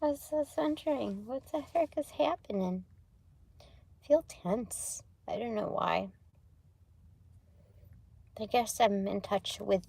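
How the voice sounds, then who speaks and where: A woman's voice: on the high side, creaky, darkish tone. A young adult woman chatting casually on a spiritual livestream, rambling, laughing often and swearing lightly as she reads tarot cards.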